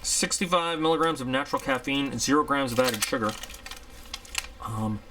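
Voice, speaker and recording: A man's voice: mid-range voice, animated, normal speed, noisy background. A man giving a casual, rambling unboxing review, chatty and candid. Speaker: product reviewer.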